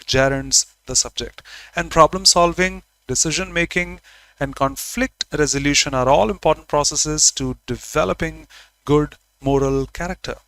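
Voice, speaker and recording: A man's voice: fairly high pitch, moderate pace, a bit bright, dry recording, poor audio. A man teaching grammar in a live online class, repeating example phrases and answering viewers by name.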